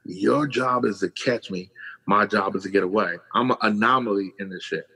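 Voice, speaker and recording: Middle-aged man, husky, raw and animated storyteller, podcast guest. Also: lowish voice, moderate pace, rough recording. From California. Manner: animated storyteller, acts out quoted voices, swears freely. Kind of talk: casual storytelling.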